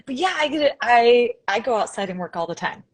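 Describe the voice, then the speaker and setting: A woman's voice: on the high side, expressive, a little fast. A young woman from Indiana hosting a casual live stream on a video call, bubbly and chatty, often laughing.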